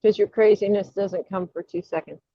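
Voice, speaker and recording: A woman's voice: medium pitch, fairly even intonation, fairly quick, no echo. A woman hosting a casual live stream, giggling and self-deprecating as she chats. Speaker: livestream host. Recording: dull lo-fi stream audio.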